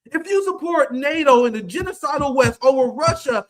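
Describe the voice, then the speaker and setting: Brief: man, 30s, very high voice, profane combative streamer rant, loud bursts and quiet asides. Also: expressive. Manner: quick swings between loud outbursts and low asides. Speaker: political streamer. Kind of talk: heated political commentary.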